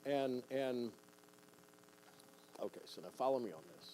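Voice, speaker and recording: An older male pastor teaches in a relaxed, folksy way, stumbling over repeated words and slipping into little acted-out quotes. His voice is mellow and warm at an ordinary pitch. A faint hum sits under the church recording. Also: a little slow, poor audio. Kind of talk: conversational sermon.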